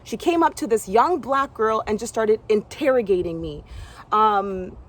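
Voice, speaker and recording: A young woman from Canada telling a personal story from her gymnastics past, acting out other people's lines in a higher voice. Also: measured pace.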